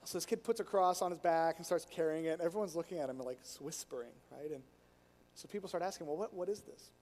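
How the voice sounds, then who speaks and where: A man preaching a storytelling sermon in an animated way, acting out the people he quotes. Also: on the high side, quick pace. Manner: animated, acts out quoted people, chuckles while telling. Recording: long hall reverb.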